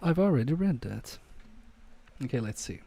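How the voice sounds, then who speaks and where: A man's voice: mid-range voice, big pitch swings, normal speed, vocal fry, warm tone. A man streaming an electronics repair live, muttering to himself and joking with viewers about his own mistakes. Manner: muttering to himself and chatting to viewers, self-deprecating.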